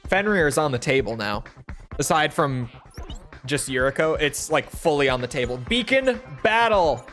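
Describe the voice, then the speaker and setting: A man's voice: medium pitch, normal speed, soft background music. A young man chatting casually to his live chat while playing a game, rambling with lots of "like" fillers and the odd swear word. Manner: relaxed, rambling, frequent "like" fillers, occasional swearing. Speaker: gaming streamer.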